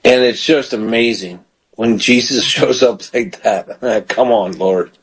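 A man's voice: mid-range voice, slow pace, husky, rough recording. A man hosting a call-in radio show as a pastor, praying fervently with callers and bursting into praise.

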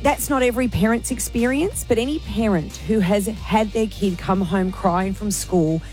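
A woman's voice: medium pitch, moderate pace, darkish tone, soft background music. A woman with an Australian accent hosting a radio show, making an earnest, emotional appeal to listeners. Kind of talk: talk radio chat.

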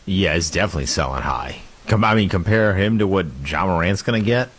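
Male radio co-host, dry and measured, low voice. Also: fairly bright tone, breathy edge. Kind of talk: sports talk radio.

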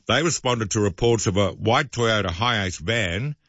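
A man's voice: lowish voice, expressive, measured pace, fairly bright tone, dry recording, highs cut off. A man hosting talk radio, reading news items and adding sardonic, opinionated asides. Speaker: radio host.

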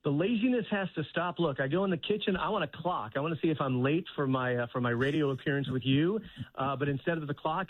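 A man calling into a radio show as a guest, telling a comic story in a mock-serious, deadpan way. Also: medium pitch, quick pace, no echo. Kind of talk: phone-in interview, humorous. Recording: tinny phone line.

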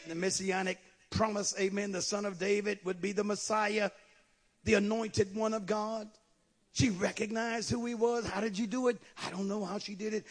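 High, gravelly preacher man in full sermon. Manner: preaching cadence, swings from quiet asides to shouted scripture; calls out to the congregation.

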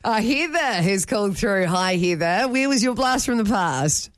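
A woman's voice: mid-range voice, lively intonation, moderate pace, dry recording. A woman co-hosting a radio show, bantering, laughing and exclaiming often. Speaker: radio co-host. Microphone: studio mic.

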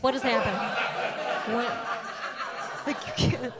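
A woman from the United States doing stand-up, brash and punchy, laughing through her jokes. Her voice sits high. She drives each bit hard. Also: lively intonation, normal speed, a crowd in the background. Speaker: stand-up comedian. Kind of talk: stand-up comedy.

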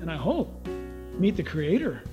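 A man's voice: on the high side, wildly swooping pitch, a little slow, music in the background. A man preaching a radio sermon as pastor, emphatic and exhorting, firing rhetorical questions at listeners. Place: Southern California church.

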